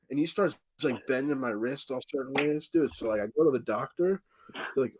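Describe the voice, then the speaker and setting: A man's voice: medium pitch, fairly quick, breathy edge. A man telling a long injury story on a podcast, swearing freely and acting out what people said. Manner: animated, profane, acts out quotes. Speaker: podcast co-host. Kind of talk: casual storytelling chat.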